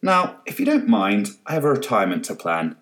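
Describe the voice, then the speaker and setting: A man voicing a defiant, calmly unhinged middle-aged executive. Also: lowish voice, brisk. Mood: serene.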